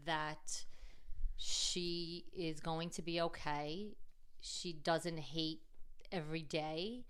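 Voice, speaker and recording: Middle-aged mom as podcast guest, lower register, smooth clear tone, tells an emotional story with lively quoted dialogue. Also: female voice. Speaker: guest, mother of the host. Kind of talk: casual heart-to-heart storytelling.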